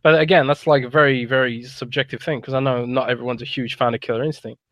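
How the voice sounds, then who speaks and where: A man's voice: medium pitch, fairly even intonation, fast talker, fairly bright tone, no echo. A man co-hosting a casual gaming podcast, a games blogger who talks in an easygoing, candid way and laughs often.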